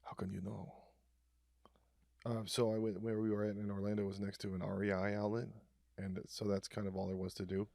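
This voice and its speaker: A man co-hosting a casual comedy podcast, telling dark jokes in a deadpan, rambling way. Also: on the low side, fast talker, gravelly, dry recording, clean studio sound. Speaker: podcast co-host.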